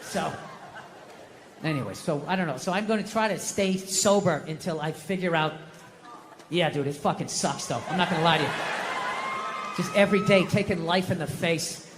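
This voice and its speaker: A middle-aged man doing stand-up comedy on an outdoor stage, ranting and bursting into loud shouted impressions. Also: on the high side, normal speed, pauses often. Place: large outdoor venue, windy. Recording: live stage sound with long reverb, faint noise.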